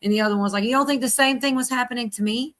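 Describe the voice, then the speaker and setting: A woman's voice: a little high, very fast, fairly bright tone. A woman hosting a livestream, talking casually in a rambling, chatty way and laughing often. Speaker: livestream host. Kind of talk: casual chat.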